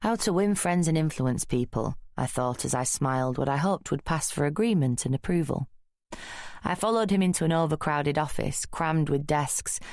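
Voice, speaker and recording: A woman reading a crime thriller audiobook in a dry, wry, measured first-person narration. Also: sits low, darkish tone, dry recording.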